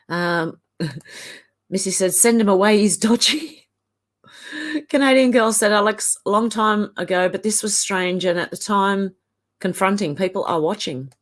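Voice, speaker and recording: Unhurried and leaving long pauses, an Australian livestream host reads her viewers' comments aloud in a mid-range voice. She keeps it casual and chatty, chuckling often.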